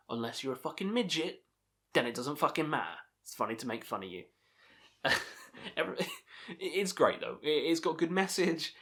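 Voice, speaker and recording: A man's voice: on the high side, fairly bright tone. A man hosting a video channel, giving a casual, enthusiastic film review full of swearing and laughter. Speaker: video host ranking films.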